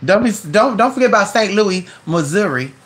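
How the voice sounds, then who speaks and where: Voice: mid-range voice, expressive, brisk, fairly bright tone. A host chatting casually at home with viewers, calling everyone "honey" and talking to their dog between remarks. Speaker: live-stream host.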